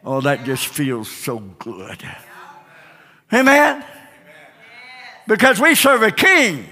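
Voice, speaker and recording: A man's voice: sits high, wildly swooping pitch, slow, sharp tone. A male pastor preaching a fervent sermon with repeated refrains and call-and-response, recorded in a church sanctuary. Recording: long church reverb.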